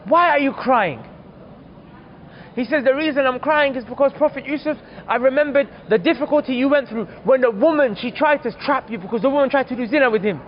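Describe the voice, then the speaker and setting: Man, preacher, earnest storytelling sermon, very high voice, muffled lo-fi recording. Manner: earnest, addresses listeners as brothers.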